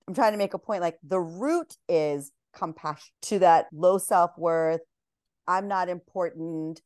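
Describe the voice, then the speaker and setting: A woman guest on a podcast, speaking gently and reflectively and laughing easily. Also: fairly low pitch, measured pace, no room sound, clean studio sound. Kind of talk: conversational podcast talk.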